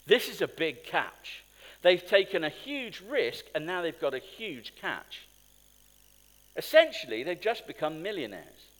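A man's voice: fairly high pitch, big pitch swings, a little slow, fairly bright tone. A man preaching a sermon in a conversational, storytelling way, with asides to the congregation. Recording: long hall reverb.

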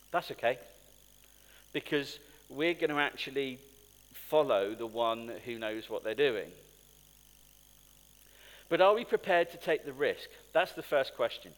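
Man, sermon, chatty storytelling, lively rising and falling pitch, long hall reverb. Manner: conversational, animated storytelling with asides. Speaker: preacher.

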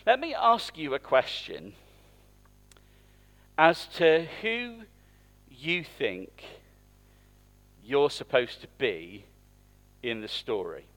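A man's voice: medium pitch, huge pitch swings, slow pace, fairly bright tone. A man preaching in church, speaking conversationally and asking the congregation questions. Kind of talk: interactive sermon.

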